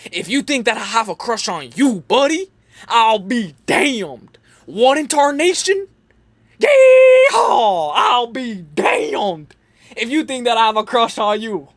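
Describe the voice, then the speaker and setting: A man voicing an indignant cowboy with a slow, exaggerated country drawl, on a casual livestream. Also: very high voice, a bit bright, no echo, pitched above the performer's own voice, exaggerated voice.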